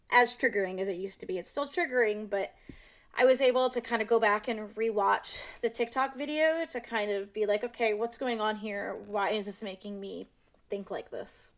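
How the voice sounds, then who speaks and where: A young woman vlogging, speaking candidly and with emphasis, firm in her opinions as she talks to her viewers. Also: fairly high pitch. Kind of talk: casual commentary to camera.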